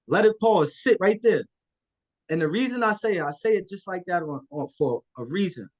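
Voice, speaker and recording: High-voiced man coaching confidently. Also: lively intonation, brisk, poor audio. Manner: casual and confident, acts out phone calls. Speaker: guest land investor. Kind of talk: coaching on a live call.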